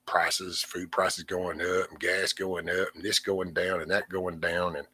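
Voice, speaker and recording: A man's voice: low voice, level tone, a little slow, sharp tone, slightly rough, no room sound. A middle-aged man, venting in a rambling, cussing way on his livestream. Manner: rambling, frequent cursing, trailing off. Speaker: livestream host. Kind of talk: casual venting livestream chat. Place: home.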